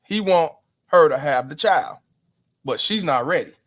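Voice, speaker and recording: A man's voice: on the high side, expressive, measured pace, fairly bright tone. A man hosting his own show, talking straight to viewers in an emphatic, preachy way, asking them rhetorical questions. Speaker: host. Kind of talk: casual commentary to viewers.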